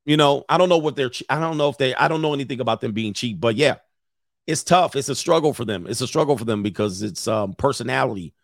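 A man's voice: mid-range voice, fast, vocal fry, no room sound, studio quality. A middle-aged man hosting a casual stream, reading viewer comments and giving blunt, rambling opinions.

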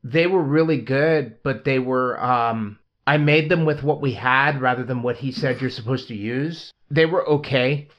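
Chatty podcast host, muffled sound. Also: male voice, medium pitch, moderate pace, hardly any pauses. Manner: chatty, storytelling, prompts the others. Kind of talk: casual group chat. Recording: muffled lo-fi audio.

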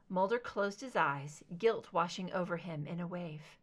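A woman reading fan fiction aloud as audiobook narration, in a measured, even way. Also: lowish voice. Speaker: audiobook reader.

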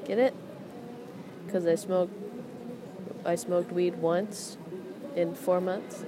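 A young woman hosts her podcast from a park bench, drifting between self-mocking puns and loose asides. Her voice sits a little low and she takes her time. Steady park noise fills the background. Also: takes it slowly, pauses often. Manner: rambling, self-mocking puns, laughs at own jokes. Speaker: podcast host. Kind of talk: casual monologue. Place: outdoors in a city park.

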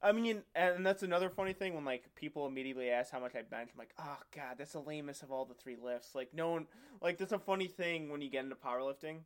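A man's voice: a little high, fast, hardly any pauses. A young man in casual podcast chat, telling long joking stories and acting out what other people say. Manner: rambling, joking storyteller who acts out other people.

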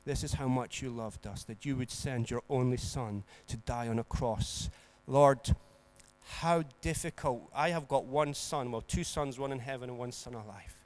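A man's voice: medium pitch, moderate pace. Impassioned male preacher. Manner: impassioned, swinging from hushed prayer to loud emphatic preaching. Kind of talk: sermon and spoken prayer.

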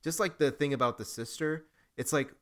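A man co-hosting a casual movie review podcast, rambling and animated, often acting out his own reactions. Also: a little high, a little fast. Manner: rambling, animated, acts out quotes. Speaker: podcast co-host.

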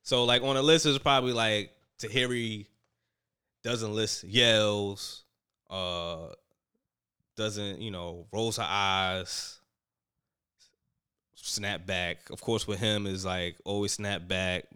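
A man casually recapping events, animated and quoting people as he goes. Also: on the low side, slow pace, long pauses, smooth. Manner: animated storyteller, quotes people in raised voices. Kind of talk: casual chat recapping a reality show.

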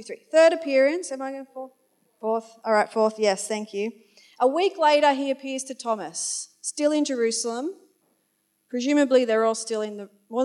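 A woman preaching a conversational sermon, chatty and informal, with wry asides and the odd moment of losing her place. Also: a little high. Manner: loses her place and corrects herself aloud.

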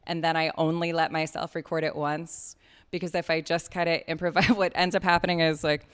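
Low, smooth-voiced woman podcaster in a hall. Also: flat delivery, a little fast. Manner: chatty, frank, loose with swearing. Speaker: podcast host giving advice. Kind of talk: casual talk at a panel.

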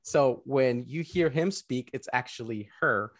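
A young man hosting a casual film review chat, lively and quick to laugh. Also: mid-range voice, no echo, studio quality. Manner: laughs often, lively and chatty. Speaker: film review show host.

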